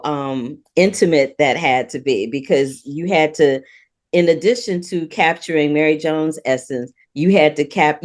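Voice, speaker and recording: Deep-voiced woman podcast host. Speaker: podcast host, film critic. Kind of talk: interview questions.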